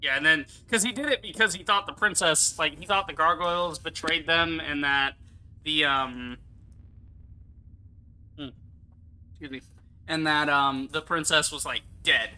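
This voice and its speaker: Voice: medium pitch, unhurried, pauses often, sharp tone, rough recording. A gaming streamer giving casual live commentary, rambling, swearing freely and laughing often.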